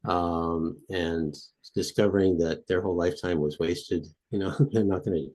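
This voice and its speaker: Low-voiced man guiding a demonstration. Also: fairly even intonation, normal speed, a little mellow. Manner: repetitive, demonstrative, chanting phrases with rising intensity. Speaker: guest expert. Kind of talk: podcast interview, guided demonstration.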